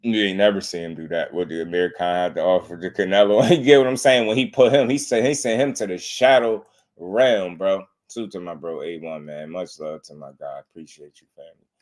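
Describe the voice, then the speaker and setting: A young man hosting a casual boxing commentary livestream, talking in slangy, laid-back banter, laughing often and giving shout-outs to chat. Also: deep voice, brisk. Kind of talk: casual live-stream commentary.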